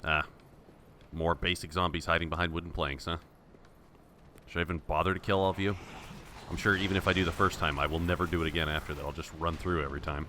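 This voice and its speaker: Low-voiced guy doing sarcastic lets-play chatter, crisp bright tone, a little game noise behind. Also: fairly even intonation, fast talker. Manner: wry, sarcastic running commentary that talks back to enemies. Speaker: let's-play host. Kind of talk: casual gameplay commentary.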